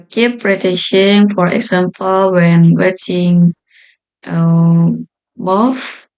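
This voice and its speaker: Slow, gravelly woman presenting a grammar lesson. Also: fairly low pitch, a little mellow, poor audio. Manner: slow, halting delivery with frequent uh fillers. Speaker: student presenter.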